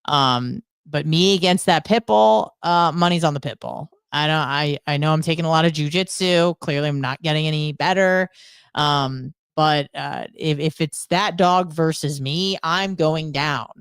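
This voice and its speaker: A woman's voice: low voice, measured pace, smooth, no room sound, studio quality. A woman co-hosting a show, telling a story in a blunt, profane and sarcastic casual rant. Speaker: podcast co-host. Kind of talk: casual ranting monologue.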